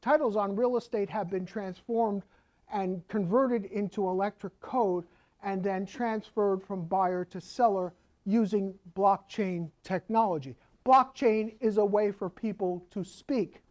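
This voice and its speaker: A woman's voice: medium pitch, a little mellow. A woman, an accountant giving a conversational lecture that she explains with rhetorical questions and asides.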